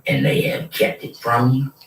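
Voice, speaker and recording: An older man, delivering a rambling, preachy and threatening monologue. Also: moderate pace. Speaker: self-proclaimed prophet. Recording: roomy, distant mic with faint noise.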